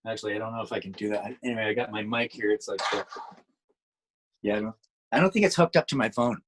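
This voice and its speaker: A man's voice: fairly low pitch, quick pace, noisy background. A man being interviewed about his music and radio work, talking casually in a rambling way with lots of restarts. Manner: rambling, with many restarts and fillers.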